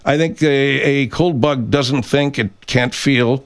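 A man's voice: mid-range voice, slow, a little hiss or hum. A man hosting a comedy talk radio show, speaking in a hesitant, mock-earnest way with frequent restarts.

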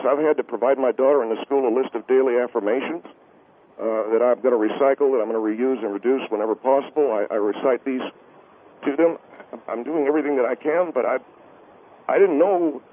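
Man voicing a nervous stammering dad, radio guest, tinny phone line, mid-pitched. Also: steady tone, fairly quick, lightly acted. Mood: anxious. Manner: stammering, hesitant, many uh's. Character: flustered middle-aged father, anxious radio guest.

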